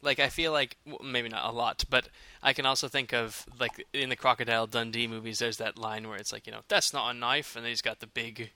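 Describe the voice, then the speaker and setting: Male podcast co-host, bright tone, chatty and halting, dry booth sound. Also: medium pitch, flat delivery, dry recording. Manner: chatty, hesitant, many fillers and restarts. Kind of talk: casual chat.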